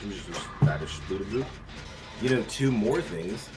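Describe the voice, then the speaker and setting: A man's voice: on the low side, expressive, unhurried, over music. A young adult man streaming live, chatting casually with crude jokes and frequent laughter. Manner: crude, joking, laughs often.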